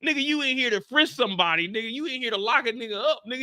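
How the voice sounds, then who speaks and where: A man hosting a live reaction stream, recapping a TV show in an animated, profane, ranting way. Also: extremely high pitch, racing.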